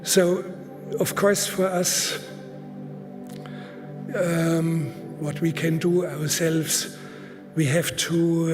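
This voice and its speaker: A man gives a live conference talk in deliberate, halting speech, with fillers and restarts, stressing points by repeating words. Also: fairly high pitch. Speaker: conference speaker. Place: large auditorium. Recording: long hall reverb.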